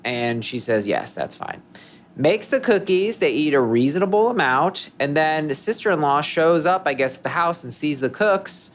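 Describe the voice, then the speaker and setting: A man's voice: fairly high pitch, animated, moderate pace, hardly any pauses, a little hiss or hum. A man co-hosting a podcast in casual chat, rambling, restarting his sentences and joking as he goes. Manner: rambling, self-interrupting, jokey. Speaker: podcast co-host.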